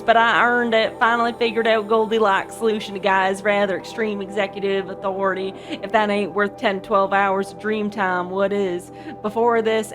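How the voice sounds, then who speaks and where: A woman's voice: medium pitch, lightly acted. A woman reading a drowsy male engineer's audio log in a folksy drawl. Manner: folksy drawl, slangy grammar.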